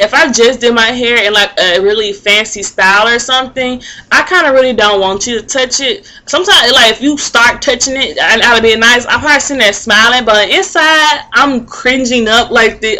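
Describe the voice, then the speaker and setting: A woman's voice: on the high side, bright, forceful tone, low-quality recording. A young woman vlogging casually to camera, telling a rambling story full of fillers and restarts. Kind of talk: casual talking-to-camera vlog.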